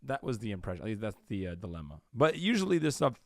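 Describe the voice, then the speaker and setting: A man co-hosting a casual podcast chat, animated and quick to laugh. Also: fairly low pitch, gravelly, dry recording. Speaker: co-host.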